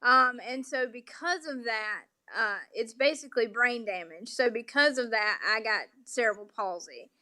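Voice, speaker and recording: Bright-voiced Southern woman explaining patiently. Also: fairly high pitch, moderate pace, hardly any pauses. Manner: polite, explanatory, many um fillers. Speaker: interview guest. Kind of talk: remote interview conversation.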